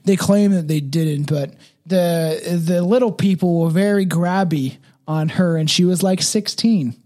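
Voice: mid-range voice, warm tone. Laughing, swearing podcast host. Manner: laughs often, profane, quick asides. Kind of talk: casual podcast chat and story reading.

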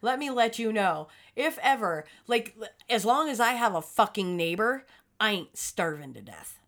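A profane, crude woman co-hosting a casual podcast. Her pitch swings widely as she banters. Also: big pitch swings, moderate pace, a bit bright. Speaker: podcast co-host. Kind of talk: casual chat.

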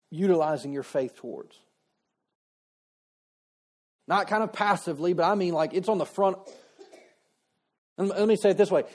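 A man's voice: sits high, darkish tone. Conversational male pastor preaching. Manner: conversational, acts out quoted voices. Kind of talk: sermon.

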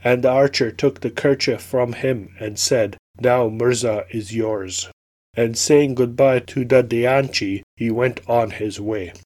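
A male storyteller reading a folk tale in a steady, measured voice. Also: medium pitch.

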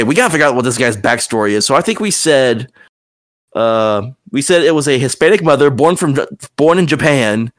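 A man with a Southern US accent hosting a casual podcast chat, rambling with many fillers and restarts. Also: medium pitch. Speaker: podcast host and game master.

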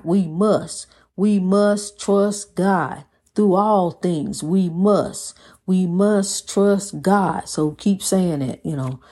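Mellow-voiced woman preaching encouragement. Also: on the low side. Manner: preachy, repetitive, calls listener honey. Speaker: spiritual vlogger. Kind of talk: inspirational monologue.

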